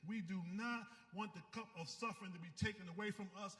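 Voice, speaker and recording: A man's voice: high-pitched, moderate pace, few pauses, fairly bright tone, in a large hall. A man giving a fervent, preacher-like recovery talk, rising and falling as he speaks.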